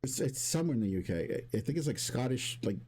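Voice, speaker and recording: A man's voice: mid-range voice, expressive, fast, darkish tone, breathy edge. A man streaming and talking casually to his chat, rambling with many restarts and casual swearing.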